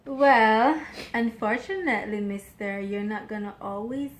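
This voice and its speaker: A woman's voice: a little high, a little slow, a little hiss or hum. A woman chatting playfully with her husband about their marriage, talking freely and laughing often. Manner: self-described loud mouth. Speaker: co-host, wife. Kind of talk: casual chat about marriage.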